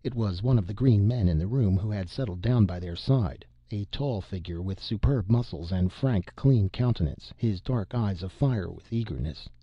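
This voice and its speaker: Male narrator for steady storybook reading; very deep voice, dull, muffled, dry recording. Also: normal speed, hardly any pauses, breathy edge, no echo. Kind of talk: audiobook narration.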